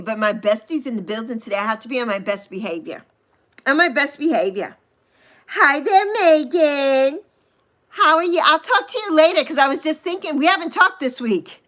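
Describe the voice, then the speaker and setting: A woman in her sixties hosting a casual livestream, chatting with viewers and gushing over them with drawn-out coos. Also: high voice, fairly bright tone. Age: 60s. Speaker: livestream host. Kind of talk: casual livestream chat reading viewer comments.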